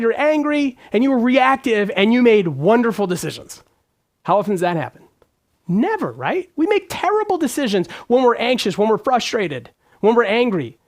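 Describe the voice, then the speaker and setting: Guy doing a motivational business talk, pitch all over the place, keeps asking rhetorical questions. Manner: emphatic, repeats phrases and asks rhetorical questions. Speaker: business coach.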